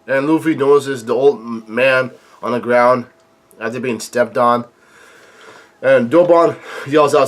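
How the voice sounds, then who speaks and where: A man hosting a reaction video, reading comic dialogue aloud and commenting, stumbling over words with frequent restarts. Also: mid-range voice. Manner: halting, frequent restarts and fillers.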